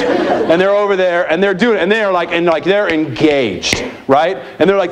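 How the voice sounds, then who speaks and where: A man in a conference center hall, delivering a lively keynote with punchy emphasis. His voice sits a bit high for a man. He challenges the room with one pointed rhetorical question after another. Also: moderate pace, noisy background. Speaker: keynote speaker at a youth ministry conference. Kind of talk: live conference talk.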